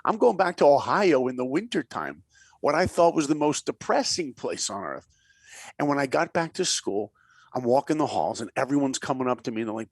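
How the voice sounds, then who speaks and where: A man's voice: mid-range voice, a little fast, slightly rough, dry recording. A man telling stories as a guest in a podcast interview, acting out the voices in his anecdotes and dropping to a whisper for emphasis. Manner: lively storyteller, acts out quotes, drops to a whisper for emphasis. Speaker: guest, animator and director. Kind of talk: animated storytelling in a podcast interview.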